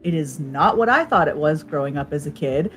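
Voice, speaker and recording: A woman's voice: deep voice, fairly quick, faint music behind. A woman co-hosting a live stream in casual chat, telling stories and laughing often. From United States. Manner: laughs often, animated storytelling.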